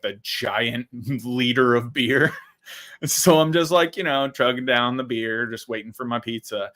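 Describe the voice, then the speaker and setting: A man co-hosting a podcast, telling stories in a relaxed, laughing way. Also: mid-range voice. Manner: laid-back, laughing storyteller. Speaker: podcast co-host. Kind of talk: casual chat.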